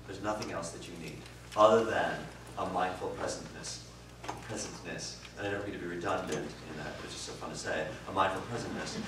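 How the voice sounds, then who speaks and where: A man teaching improv, answering interview questions in an animated way, swearing and swinging from quiet musing to loud bursts. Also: low voice, fairly quick. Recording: distant roomy recording with faint noise.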